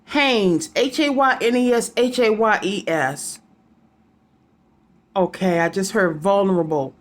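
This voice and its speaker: A woman's voice: mid-range voice, a little slow. A woman giving a casual psychic reading to her viewers, rambling and repeating names and letters aloud as she goes. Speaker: psychic reader.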